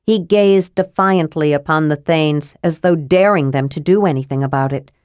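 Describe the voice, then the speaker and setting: A woman narrating a fantasy audiobook in a measured, steady reading. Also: deep voice, clean tone, no echo, clean studio sound.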